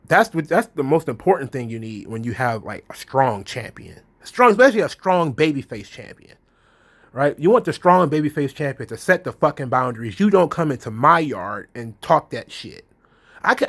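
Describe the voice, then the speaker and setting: A man hosting a casual solo commentary, blunt and exasperated, swearing freely and acting out quotes. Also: a little high. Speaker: wrestling commentary host.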